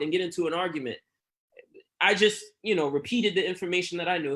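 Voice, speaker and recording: Animated New York man telling stories. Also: high-pitched, quick pace. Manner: animated storyteller who acts out customer exchanges. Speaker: guest phone reseller. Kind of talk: casual interview chat.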